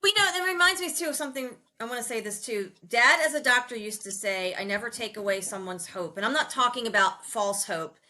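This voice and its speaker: Middle-aged woman host telling family stories, laughs a lot, bright voice. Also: on the high side, fairly quick, hardly any pauses. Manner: animated, laughs often, acts out quotes. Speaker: podcast host. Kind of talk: casual family storytelling.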